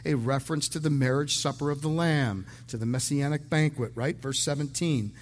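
A man's voice: a little high, fairly quick. A male pastor preaching verse by verse in a conversational way, often repeating words as he starts a sentence and slipping in light jokes. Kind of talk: verse-by-verse sermon.

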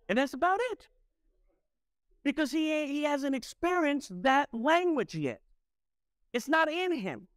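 A man's voice: very high-pitched, big pitch swings, a little slow, pauses often, fairly bright tone, dry recording, studio quality. A man delivering a sermon as pastor, preaching emphatically and asking the congregation rhetorical questions.

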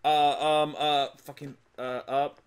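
Man playing a game, swearing and yelling. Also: fairly high pitch, flat delivery, slow, smooth. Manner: swears a lot, laughs often, shouts when frustrated. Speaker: gaming channel host. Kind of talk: casual let's-play commentary.

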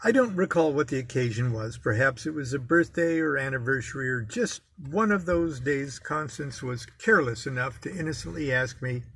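A man's voice: mid-range voice, animated, moderate pace, hardly any pauses, a bit bright, slightly rough. A man reading aloud from his own memoir, telling the story in a wry, self-mocking way.

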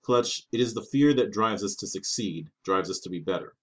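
A battle-worn knight with a low, dry and resigned voice, as a man plays him. He talks with weary realism and quiet gravity. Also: normal speed, husky. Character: weary wounded male warrior knight.

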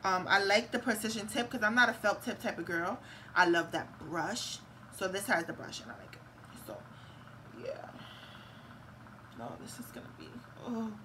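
A woman's voice: medium pitch, lively intonation, moderate pace, noisy background. A young woman, chatting casually and candidly through a makeup tutorial, swearing and laughing often. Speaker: beauty vlogger. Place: room at home with a fan on.

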